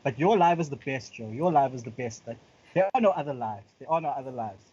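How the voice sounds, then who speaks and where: A man's voice: medium pitch, animated, brisk, warm tone, husky, highs cut off. A comedian guest bantering on a live stream, teasing the host and repeating his punchlines.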